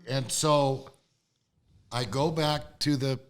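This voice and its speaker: Older male guest; animated raconteur who voices quotes and breaks into laughs. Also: medium pitch, slow pace, clean tone. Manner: acts out quotes, laughs often. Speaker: interview guest. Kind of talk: animated storytelling.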